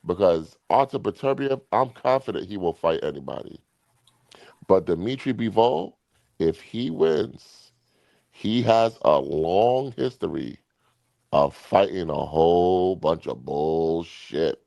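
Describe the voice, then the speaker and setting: A man hosting a boxing podcast in casual chat, blunt and profane, talking in quick bursts. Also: deep voice, expressive, creaky, warm tone, no echo, muffled recording.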